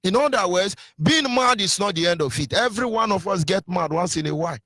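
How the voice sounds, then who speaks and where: A man's voice: high voice, animated, brisk, pushed and bright, no echo. A man with a Nigerian accent giving a fiery political sermon on radio, asking rhetorical questions and half-singing some phrases. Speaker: activist radio speaker.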